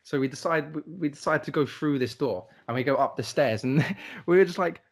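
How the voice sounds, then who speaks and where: A man's voice: a little high, brisk. A young man, rambling and laughing his way through a casual podcast story, full of fillers and swearing. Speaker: podcast co-host telling a travel story.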